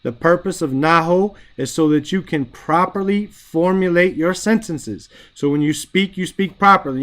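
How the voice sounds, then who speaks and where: A man's voice: fairly high pitch, a bit bright. A man teaching Arabic grammar in an online class, explaining in casual English, reciting Arabic phrases and checking in often with "right?".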